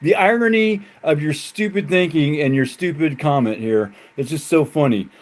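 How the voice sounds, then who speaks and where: A man livestreaming, ranting at his chat in a mocking, profane way, laughing often and swinging from loud jabs to low muttering. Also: moderate pace.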